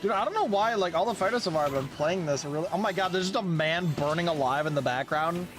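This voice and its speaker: Young man, streamer, lively pitch, excitable commentary, music from the game behind him. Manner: animated, exclaims often, laughs, does quick voices of characters.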